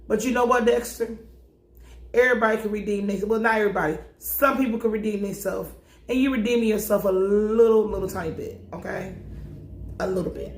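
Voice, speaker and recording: A woman's voice: medium pitch, steady tone, fairly quick. A young adult woman recapping a TV episode in a casual, slangy, profane and joking way. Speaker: TV recap vlogger. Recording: echoey room.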